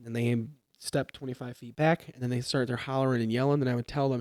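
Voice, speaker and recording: A young man talks casually on a podcast about police work. His voice is mellow and warm, recorded close and dry on a studio mic. He explains through examples, restarting sentences as he goes. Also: medium pitch, flat delivery, quick pace, few pauses, no echo. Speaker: police trainee or new officer.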